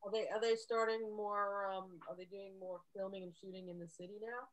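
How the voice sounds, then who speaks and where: A woman's voice: mid-range voice, fairly even intonation, fairly quick, low-quality recording. Woman asking friendly questions. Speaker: co-host. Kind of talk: casual interview chat.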